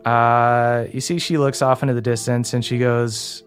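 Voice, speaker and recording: A man running a tabletop game as its game master. His voice sits mid-pitched, and his narration is loose and relaxed, dotted with ums and uhs. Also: moderate pace, hardly any pauses, soft background music.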